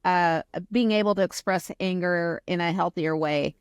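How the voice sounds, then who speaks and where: A woman's voice: lowish voice, normal speed, clear, resonant tone, dry recording. A woman co-hosting a podcast conversation, thoughtfully summing up what she hears. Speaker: podcast co-host.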